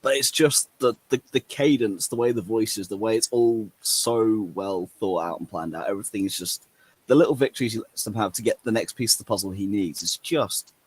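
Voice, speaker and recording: Husky low-voiced male podcast host. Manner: measured, thoughtful explaining. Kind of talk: casual chat.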